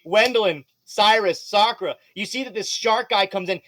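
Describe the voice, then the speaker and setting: A man narrating as game master of a tabletop game, animated and swearing freely. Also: very high voice, moderate pace, few pauses, dry recording.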